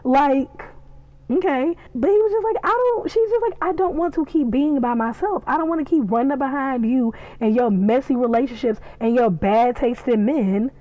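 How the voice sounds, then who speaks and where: A woman giving a casual, excitable recap and reaction, chatty and acting out the scenes as she tells them. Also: sits high, normal speed, no room sound, muffled recording. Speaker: podcast reviewer.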